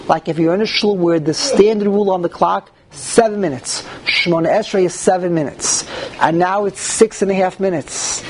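High-voiced rabbi teaching a class. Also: male voice, creaky, darkish tone, slight background noise. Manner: asks the group rhetorical questions and restarts sentences often. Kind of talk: Torah class on prayer law.

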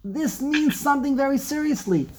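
A woman with a high-pitched voice teaches an animated Torah class at normal speed. She's emphatic and dramatic, throwing out rhetorical questions and frequently restarting.

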